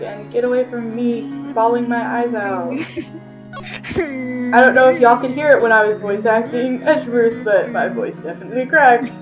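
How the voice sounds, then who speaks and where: A woman's voice: a little high, moderate pace, over music, rough recording. A woman streamer voicing all the characters of a detective game, close to tears, chatting to viewers between lines. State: tearful, close to crying. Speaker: streamer voicing a visual novel. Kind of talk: reading game dialogue aloud with voice acting.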